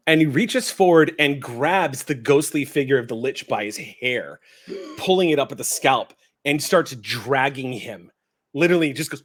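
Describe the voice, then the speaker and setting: A man's voice: medium pitch, normal speed, a bit bright. A man narrating a tabletop horror game as game master, vivid and easy to laugh.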